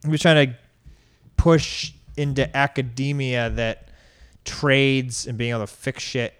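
A man's voice: mid-range voice, fairly even intonation, measured pace, clean tone. A man co-hosting a casual chat, talking frankly and rambling through stories with easy laughs. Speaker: podcast co-host.

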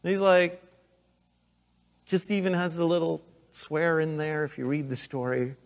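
A middle-aged man preaching a sermon as pastor, earnest and emphatic, swinging between loud urgency and hushed intensity. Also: a little high, normal speed, gravelly. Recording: long hall reverb.

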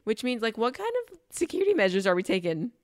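A woman's voice: on the high side, fast, dry recording. Dry-sounding woman recapping a movie. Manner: animated, acts out characters' lines while retelling. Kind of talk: casual movie recap chat.

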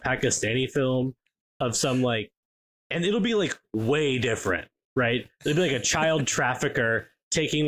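A man co-hosts a podcast in easygoing chat, his voice sitting in a middling pitch. He rambles with many fillers and restarts as he talks. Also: a bit bright. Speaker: podcast co-host. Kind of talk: casual chat.

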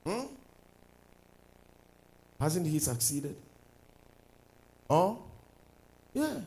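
Pastor, male, husky and high-pitched, animated pulpit sermon with big swings in volume. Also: very slow, poor audio. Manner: animated preaching, swings from loud declarations to low asides.

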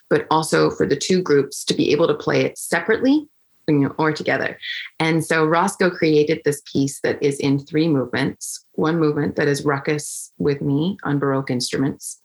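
A young woman with a low, gravelly voice chats about her work as a flutist. She tells the story casually, with lots of fillers and restarts, and livens up when she quotes people. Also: normal speed. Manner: chatty, full of fillers and restarts, animated when quoting. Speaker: flutist and interview guest.

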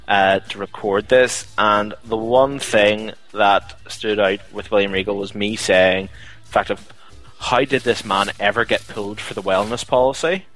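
A man's voice: fairly low pitch, steady tone, normal speed, fairly bright tone, faint music behind, low-quality recording. A man co-hosting a casual chat show, talking in a rambling way with many fillers. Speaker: podcast co-host.

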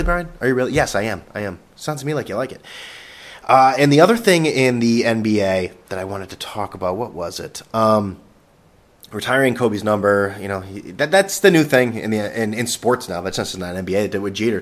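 A man's voice: mid-range voice, a bit bright. A man hosting a casual solo podcast, rambling sarcastically with plenty of swearing and jokey asides to an absent co-host. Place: vacation rental with no internet.

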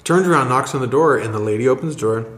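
A man co-hosting a podcast, telling a church story in a rambling, halting, excited way. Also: medium pitch. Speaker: podcast co-host, church member. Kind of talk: casual storytelling chat. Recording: roomy echo.

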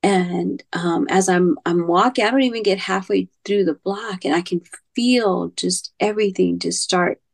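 On a podcast, a female guest shares a personal story haltingly, repeating words and at times sinking to almost a whisper. Her voice sits lowish and sounds gravelly.

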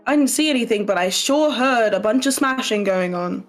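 A woman's voice: fairly high pitch, expressive, moderate pace, close to an everyday voice. A woman voicing a drunk, grumpy man over eighty who lives alone. He grumbles complaints at visitors. Faint music plays behind. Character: grumpy old male hermit, drunk and cranky.

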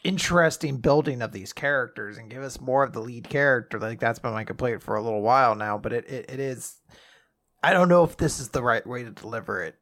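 A man's voice: mid-range voice, brisk, a bit bright. A man co-hosting a casual manga podcast, giving wry opinions and playful mock quotes. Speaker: podcast co-host. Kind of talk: casual chat about manga.

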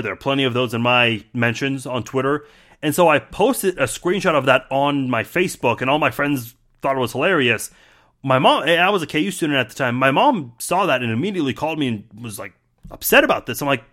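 A man's voice: mid-range voice, expressive, a little fast, a bit bright. A man from Iran hosting a podcast, casually and wryly reacting to mean comments, with frequent filler words. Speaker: podcast host.

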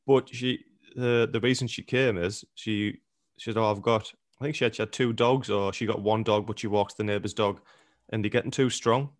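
A man with a fairly low voice co-hosts a podcast and works as a personal trainer. He talks casually and rambles, often restarting his phrases. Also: fairly even intonation, moderate pace.

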